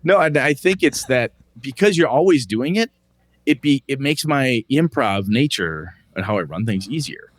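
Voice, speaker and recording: A middle-aged man co-hosting a podcast, chatting casually in an animated way and swearing freely as he tells stories. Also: mid-range voice, normal speed, no room sound. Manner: animated, profane, storytelling. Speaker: podcast co-host. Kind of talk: casual chat.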